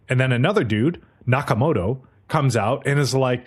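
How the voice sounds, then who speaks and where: A man's voice: mid-range voice, normal speed, few pauses, slightly rough. A man hosting a podcast, casually recapping an episode in a breezy, profane storytelling manner. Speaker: podcast host.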